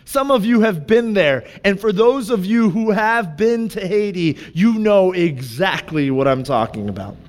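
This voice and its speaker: High-voiced young pastor preaching candidly. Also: male voice, expressive, unhurried, few pauses, big-room sound. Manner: candid, conversational preaching with asides to the congregation. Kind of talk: sermon. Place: church sanctuary.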